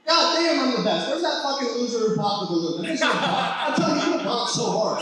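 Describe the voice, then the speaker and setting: A man's voice: very high voice, animated, quick pace, hardly any pauses, over music. A young man from Indiana doing a stand-up set, teasing the crowd and laughing through his lines. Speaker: stand-up comedian. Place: small bar comedy room. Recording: very echoey room from a distance, faint noise.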